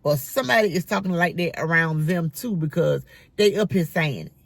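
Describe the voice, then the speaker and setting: Middle-aged bus driver vlogging, firm and scolding, gravelly fry in the voice. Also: medium pitch, expressive, moderate pace, fairly bright tone, no echo. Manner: scolding, emphatic, repetitive. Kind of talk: casual monologue vlog.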